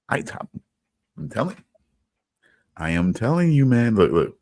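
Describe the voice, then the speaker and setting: A man co-hosting a podcast in casual chat, halting and repeating himself. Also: mid-range voice, big pitch swings, a little mellow, dry recording. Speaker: podcast co-host.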